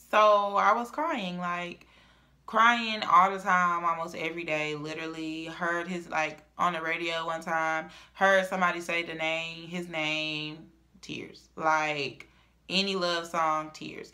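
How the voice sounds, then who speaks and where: A young woman, telling a personal story in a casual, dramatic vlog. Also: sits low. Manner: chatty, dramatic, swings from loud to murmured.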